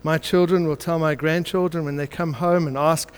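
A man's voice: fairly high pitch, steady tone, normal speed, clean tone. An older man preaching a sermon, telling a story and building it up through rhythmic repetition.

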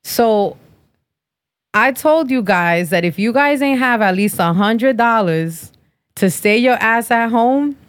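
A woman's voice: fairly high pitch, animated, slow pace, dry recording. Blunt, profane woman podcast host. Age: 30s. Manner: blunt, profane, sassy trash talk. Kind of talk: casual podcast chat with sponsor reads.

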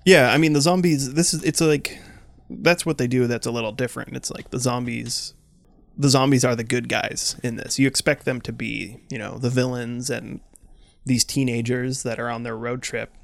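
Guy with a gravelly voice riffing deadpan on a comedy podcast, dry close mic. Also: mid-range voice, normal speed, no room sound. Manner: rambling, playful, deadpan riffing. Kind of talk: improvised comedy banter.

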